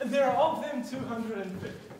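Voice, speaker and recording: A young performer in a school play acting a stern German shopkeeper with a German accent and broken, formal phrasing. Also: male voice, very high-pitched, normal speed, darkish tone, slight background noise. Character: stern older German shopkeeper man, gruff. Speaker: newsagent employer. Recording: echoey hall, from far off.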